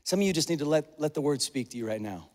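Middle-aged male pastor, high voice, earnest and emotional sermon delivery, heard in a reverberant church hall. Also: animated, quick pace, darkish tone. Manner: emotional, earnest, conversational preaching.

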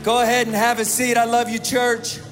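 A man's voice: very high-pitched, completely flat delivery, moderate pace, a crowd in the background. A man preaching a sermon to his church, talking conversationally and joking with the congregation. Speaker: pastor. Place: large church auditorium. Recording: reverberant church hall with congregation and music.

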